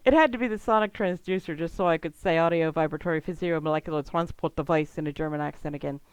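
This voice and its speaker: A woman running a tabletop game as game master, chatty and quick to laugh. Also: low-pitched, clean tone, no room sound, rough recording.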